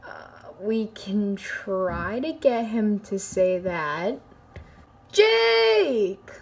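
A woman's voice: mid-range voice, drawn-out words, darkish tone. A woman narrating a playful toy skit in a silly, joking way. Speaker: toy video maker.

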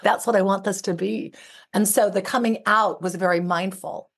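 Speaking as a guest on a podcast, the middle-aged relationship expert and writer keeps a steady tone at ordinary speed. Her mid-range voice is husky with vocal fry, and her delivery is earnest, emphatic and full of repetition.

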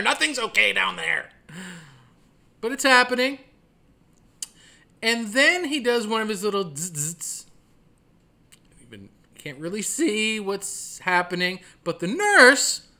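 Animated bright-voiced man telling a story. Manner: animated, acts out other people's lines with big pitch jumps. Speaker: stand-up comedian telling a personal story. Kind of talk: comedic storytelling monologue. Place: home, by the front door. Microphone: camera at home.

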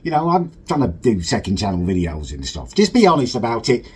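This comedic reaction video host, a man from northern England, plays an indignant, mock-pompous character whose pitch swoops wildly. He speaks a little fast, and there's a faint hiss or hum.

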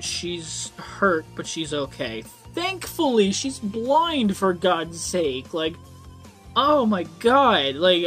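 A young man giving a casual book review, rambling with frequent ums and swearing when worked up. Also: high voice.

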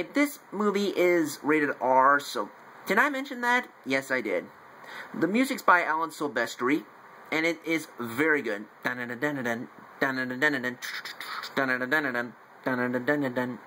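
A man's voice: on the high side, pushed and bright, slight background noise, rough recording. A man casually reviewing a favorite movie and showing his figures, rambling and correcting himself as he goes. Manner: eager fan showing off collectible figures. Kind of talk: casual home video review.

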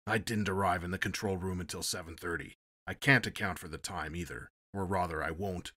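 Give me a man playing a defensive, angry starship captain with a low voice. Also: fairly even intonation, brisk, bright, forceful tone. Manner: gruff, defensive. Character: stern male ship's captain, angry and defensive.

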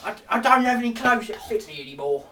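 A woman's voice: on the high side, expressive, fast, distant mic, crowd noise. A young woman teasing and taunting in a sing-song way in an improvised comedy sketch.

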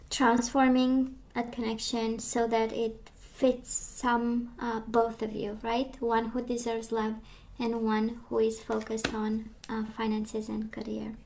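A woman losing her voice gives a gentle, reassuring tarot reading, talking with many fillers. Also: fairly high pitch. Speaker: tarot reader.

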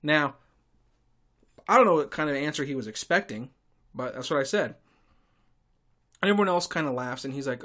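A man hosting a podcast, telling stories in a sarcastic, irritable monologue with sudden loud outbursts. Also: fairly high pitch, lively intonation, normal speed, long pauses. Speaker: podcast host and tour guide. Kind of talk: casual ranting monologue.

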